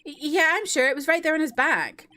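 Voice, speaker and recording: A flustered young man on trial in a courtroom video game, as a woman voices him, stammering and pleading. His voice jumps high and swings around wildly. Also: expressive, a little fast, bright, forceful tone. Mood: panicked. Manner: stammering, pleading, raised pitch. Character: nervous young male defendant, flustered and stammering. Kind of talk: voicing a video game character.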